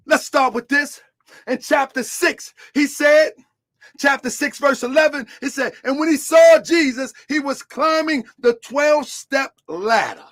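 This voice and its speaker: A man preaching a sermon as a religious teacher, shouting key words, then dropping to quiet asides, and asking listeners to answer back. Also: extremely high pitch, a little slow. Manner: call-and-response questions to listeners.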